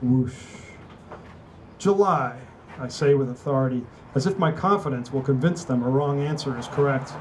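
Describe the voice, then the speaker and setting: A man's voice: mid-range voice, brisk, hardly any pauses, background noise. A man, an author, reading his novel aloud in a wry, conversational storytelling manner at a book party. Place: indoor venue at a book party.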